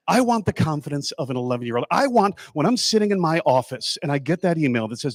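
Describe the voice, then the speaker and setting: A man giving a jokey awards ceremony speech as an animated storyteller, with sudden loud bursts. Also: fairly high pitch, quick pace, few pauses, no room sound, clean studio sound.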